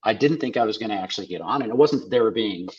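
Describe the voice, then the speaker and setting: A man's voice: fairly low pitch, expressive, very fast, breathy edge. An older man from South Dakota, a podcast guest, telling wry anecdotes in casual conversation and quoting people's lines back and forth. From South Dakota, USA. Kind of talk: casual storytelling. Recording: dull lo-fi audio.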